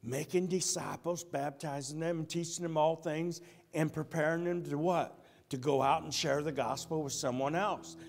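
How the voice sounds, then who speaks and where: A man preaching a sermon in a church in a folksy, conversational way. He moves between loud, emphatic bursts and soft, slow stretches. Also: fairly high pitch, fairly even intonation. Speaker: pastor. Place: church sanctuary.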